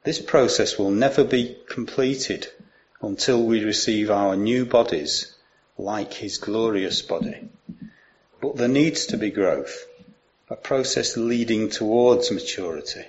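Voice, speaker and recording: A man preaching a sermon, explaining and reading scripture aloud in a measured way. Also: fairly low pitch, lo-fi sound, a little hiss or hum.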